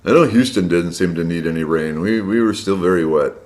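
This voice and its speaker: Slightly hoarse man hosting a live stream. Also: sits low, brisk, a little mellow. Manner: friendly, chatty, greets viewers by name. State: slightly hoarse from a long day of loud speaking. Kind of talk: casual live-stream chat greeting viewers. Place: indoors at his home.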